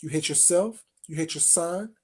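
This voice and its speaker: Sarcastic vlogger calling someone out; mid pitch, taunting, drawls "baby" and "sweetheart". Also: moderate pace, darkish tone, husky. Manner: asks pointed rhetorical questions again and again. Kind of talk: confrontational call-out rant.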